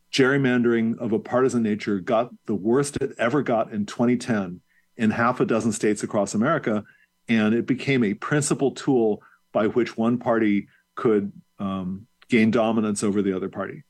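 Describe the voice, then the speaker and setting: A man's voice: on the low side, a little mellow. A man who is a professor, explaining at length as a guest in an interview, fluent and lecture-like with occasional fillers.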